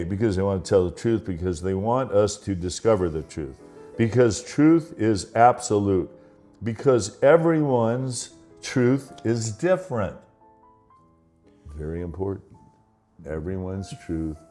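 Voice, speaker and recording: Low, mellow-voiced man telling stories. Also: a little slow, faint music behind. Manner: animated, laughing, acts out voices in anecdotes. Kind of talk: casual conversation, storytelling.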